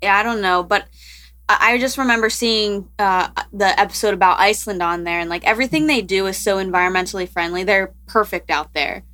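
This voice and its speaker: A woman co-hosts a podcast, walking through science stories in a loose, rambling way and laughing often. Her voice is bright and ringing, pitched in the middle for a woman. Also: brisk. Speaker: podcast co-host presenting science news. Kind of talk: casual podcast chat.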